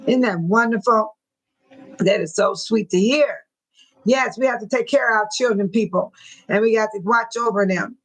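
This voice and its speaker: An older woman hosting a casual livestream from home, talking straight to her viewers in chat, emotional and quick to bless and pray. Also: fairly high pitch, fairly bright tone, rough recording. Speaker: livestream host.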